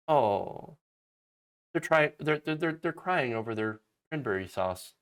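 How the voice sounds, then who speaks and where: A man's voice: medium pitch, expressive, unhurried, smooth. A man hosting casual political commentary, sarcastic and mocking, often restarting and stammering mid-sentence.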